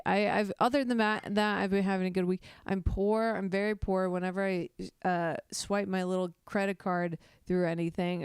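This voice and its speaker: A young woman hosts a loose comedy podcast, giggling and tripping over her own intros. Her voice sits a little low and comes through smooth and clear. The close mic gives a dry, intimate sound. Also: no echo. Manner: giggly, self-deprecating, rambling with restarts. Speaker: podcast host. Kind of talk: casual comedic podcast chat.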